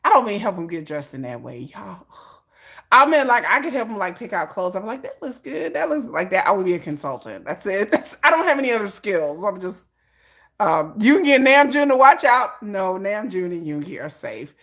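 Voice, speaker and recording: A woman's voice: mid-range voice, very animated, normal speed, fairly bright tone. A woman chatting casually as a vlogger, laughing often and acting out little scenes in playful voices. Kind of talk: casual chat.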